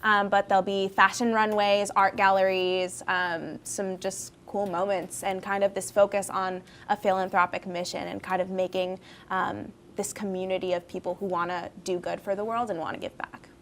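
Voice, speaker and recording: A woman's voice: medium pitch, flat delivery, normal speed, hardly any pauses, fairly bright tone, slight background noise. A woman in her twenties, a festival founder, telling stories in a casual interview with many fillers and frequent laughter. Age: 20s. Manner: chatty storyteller, laughs often, many fillers.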